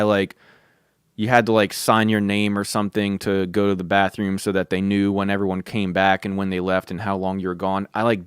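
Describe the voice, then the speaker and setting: A man's voice: fairly low pitch, clean tone, no echo, clean studio sound. A young man hosting a podcast, telling a long casual story in a rambling way, swearing often and saying "dude" and "like" constantly. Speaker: podcast host. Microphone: close studio mic.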